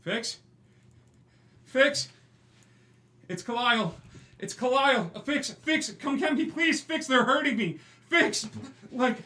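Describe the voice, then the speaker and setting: A man voicing a terrified male prisoner who begs and screams for help, high and loud in an echoey room. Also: measured pace, hardly any pauses. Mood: desperate. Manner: frantic pleading, screaming. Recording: echoey room with faint noise.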